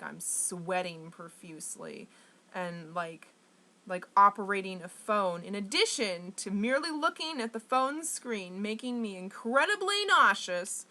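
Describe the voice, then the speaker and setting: A young woman talking candidly to camera in a rambling, profane confessional monologue, full of fillers and flaring into loud anger. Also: mid-range voice, slight background noise.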